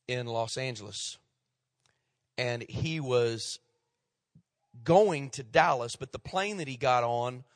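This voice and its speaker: A man's voice: medium pitch, no room sound, clean studio sound, big-room sound. A man in his fifties, a pastor, preaching a sermon in a folksy storytelling way with many restarts. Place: church sanctuary.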